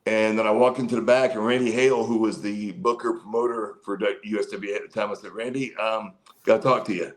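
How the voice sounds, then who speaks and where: A man's voice: on the low side, flat delivery, fast, hardly any pauses, rough recording. A man in his fifties, a former pro wrestler, telling stories as a guest in an interview. He rambles with fillers and restarts, and acts out the people he quotes in a livelier voice. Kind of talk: casual storytelling in an interview.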